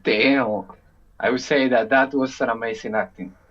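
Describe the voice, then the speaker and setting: A man's voice: medium pitch, moderate pace, fairly bright tone, highs cut off. A man stopped on the street, talking in an agreeable, hesitant way with many fillers. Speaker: passerby.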